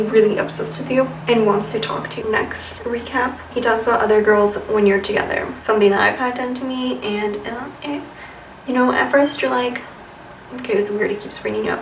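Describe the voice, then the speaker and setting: Recorded from a distance in an echoey room with a white wall, this medium-pitched female voice has a little hiss or hum and sits a bit off-mic. She's a young vlogger chatting sassily to camera about dating, full of "like" and "you know."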